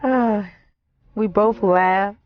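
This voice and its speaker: A grieving, reflective wife. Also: female voice, medium pitch, no room sound, lo-fi sound. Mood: wistful. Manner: reflective, halting, soft-spoken. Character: grieving wife remembering her late husband. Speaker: grieving widow. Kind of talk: film monologue.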